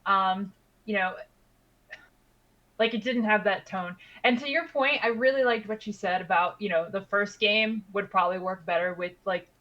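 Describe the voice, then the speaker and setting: A woman's voice: mid-range voice, normal speed, fairly bright tone, muffled recording. A woman co-hosting a podcast, chatting casually in a hesitant way with many fillers. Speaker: podcast co-host. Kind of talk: casual chat.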